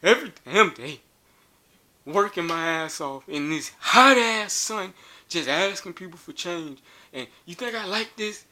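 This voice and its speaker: A man voicing a big, angry homeless man who rants loudly about his hard life. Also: high-pitched, lively intonation, measured pace, voice pushed up, full character voice. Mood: ranting. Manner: loud, ranting and complaining.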